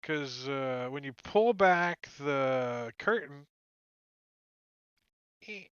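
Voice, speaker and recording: A man runs a tabletop game in a loose, chuckling way, full of "like" and "uh". His voice is bright and forward. The sound is dry and slightly dull, a lo-fi recording. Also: medium pitch, expressive, extremely slow, smooth, no room sound. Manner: casual, chuckling, lots of "like" and "uh". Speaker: game master.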